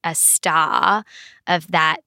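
A young Australian woman with a fairly low voice talks in a loose, chatty way, laughing easily and stumbling over her restarts. The sound is dry and close, like a studio mic. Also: fairly even intonation, extremely slow, creaky, bright, forceful tone, no room sound. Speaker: actor guest. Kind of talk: casual interview chat.

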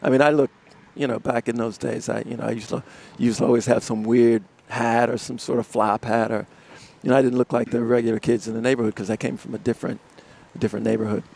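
A gravelly-voiced man tells animated stories in a casual radio interview and laughs often. He sits at a live broadcast mic out of doors. His pitch sits mid-range. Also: quick pace, hardly any pauses. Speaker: musician guest. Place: outdoors in front of a music studio complex.

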